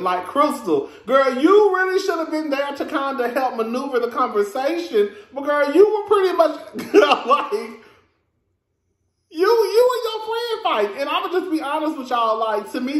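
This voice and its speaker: A man's voice: very high-pitched, fairly bright tone, roomy sound. A man, hosting a casual review vlog in a sassy, chatty way, calling listeners "girl" and laughing often. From Texas. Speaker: reality TV reviewer, host.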